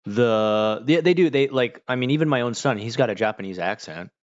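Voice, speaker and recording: A man's voice: medium pitch, lively intonation, brisk, lo-fi sound. Rambling Australian man on a stream. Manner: rambling storytelling full of "like" and restarts. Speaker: livestreamer. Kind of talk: casual chat.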